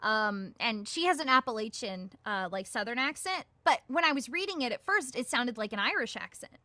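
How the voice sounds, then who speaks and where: A woman voice actress talks through her craft in a relaxed interview, with lots of "like" and "um" fillers and little acted-out quotes of her own thoughts. Her voice is bright and fairly high, and it sounds dry and close, with no room around it. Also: moderate pace, no room sound. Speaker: guest voice actress. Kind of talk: casual interview answers.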